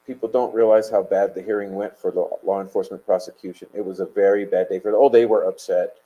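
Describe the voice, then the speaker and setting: A man's voice: low voice, fairly even intonation, a little fast, muffled recording. A man hosting a casual livestream, rambling and swearing emphatically as he chats and answers viewer comments. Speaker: livestream host.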